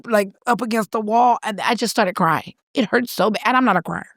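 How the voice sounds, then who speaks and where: Animated woman telling a story. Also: medium pitch, a little fast, no echo, studio quality. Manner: animated storyteller, acts out voices and cries. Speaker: podcast co-host. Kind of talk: casual chat, storytelling.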